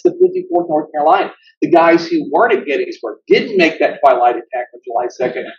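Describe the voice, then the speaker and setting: Man, high-pitched, lively lecturer acting out quotes; echoey, dull room sound. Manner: animated storyteller, acts out quotes. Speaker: guest speaker. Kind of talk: history lecture. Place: meeting hall.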